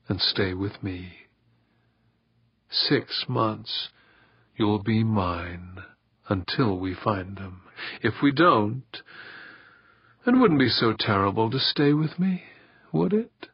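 A man voicing Chena, a soft seductive woman. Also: fairly low pitch, a little slow, slightly rough, no room sound, muffled recording. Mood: teasing. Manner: soft, murmured, partly whispered. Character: seductive woman, teasing and persuasive. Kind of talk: audiobook character voice.

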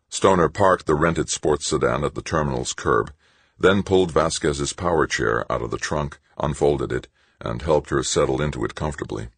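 Deep, husky male audiobook narrator, measured and dry. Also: no echo. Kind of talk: scripted narration.

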